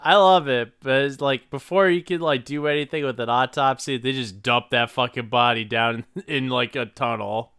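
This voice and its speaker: A man's voice: mid-range voice, normal speed, hardly any pauses, fairly bright tone, smooth. A man co-hosting a casual podcast, laughing often and egging his co-host on. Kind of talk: casual movie recap chat.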